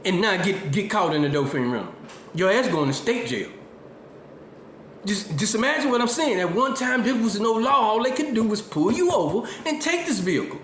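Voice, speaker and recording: A man's voice: high-pitched, expressive, a little fast, fairly bright tone. A man giving heated, preachy solo commentary, rambling and swearing as he drives his points home. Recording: echoey room with faint noise.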